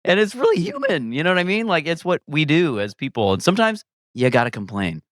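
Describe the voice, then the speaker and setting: A man's voice: a little high, quick pace, no echo, clean studio sound. A man, a guest comedian, talking candidly in a casual conversation, reflective and rambling, restarting his sentences and laughing often. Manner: reflective and rambling, with frequent restarts and lively self-quotes.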